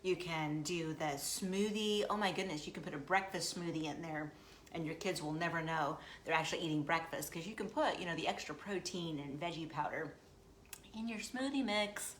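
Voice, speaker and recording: A woman's voice: low voice, normal speed, fairly bright tone, a little hiss or hum. A woman hosting a casual cooking demonstration at home, chatty and upbeat as she talks straight to her viewers. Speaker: host of a recipe demo. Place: at home in the US Midwest.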